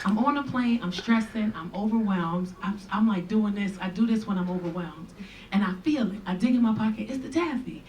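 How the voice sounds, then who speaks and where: A woman comedian telling a profane, animated stand-up story to a live audience. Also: mid-range voice, brisk, far from the mic, slight background noise, rough recording. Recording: stage recording with loud crowd. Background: audience laughter.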